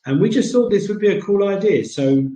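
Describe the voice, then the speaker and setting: A man's voice: high-pitched, expressive, brisk, warm tone, reverberant, low-quality recording. A man with a British accent hosting a casual chat segment, rambling with many ums and uhs. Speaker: segment host.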